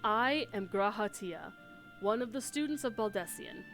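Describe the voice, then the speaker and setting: An eccentric young scholar. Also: male voice, high-pitched, expressive, moderate pace, fairly bright tone, soft background music. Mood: grand. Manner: formal, theatrical. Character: eccentric young male scholar, grandly formal. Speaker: scholar observer. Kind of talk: voiced game cutscene dialogue.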